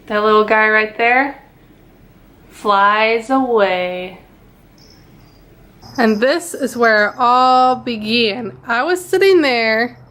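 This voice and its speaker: A young woman vlogger retelling a stressful day at home, animated and dramatic, tossing out rhetorical questions. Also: high-pitched. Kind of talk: storytelling vlog. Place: home garage and yard, outdoors at times.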